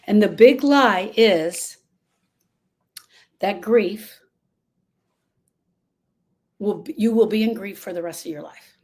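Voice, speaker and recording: A woman speaking to a live group about grief, with an earnest, emphatic manner. She acts out what other people say. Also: mid-range voice. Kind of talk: motivational talk to a live group. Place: room with a live audience.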